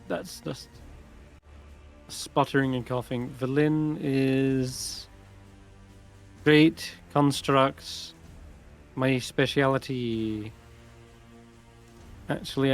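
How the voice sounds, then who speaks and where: A man runs a live tabletop game as game master. He talks slowly and thinks aloud between moves. Faint music plays underneath. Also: medium pitch, fairly even intonation, creaky, darkish tone. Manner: unhurried, thinking aloud with pauses while running combat.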